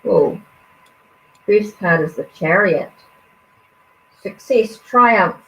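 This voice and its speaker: A woman's voice: mid-range voice, drawn-out words, fairly bright tone. A woman reading tarot cards on a live stream, talking in a hesitant, musing way with many fillers and restarts. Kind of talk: live card reading, casual. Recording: dull lo-fi stream audio with faint noise.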